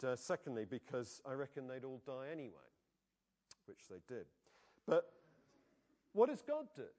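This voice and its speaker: A man preaching a sermon in a church, conversational and animated, often putting questions to the congregation. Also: fairly high pitch.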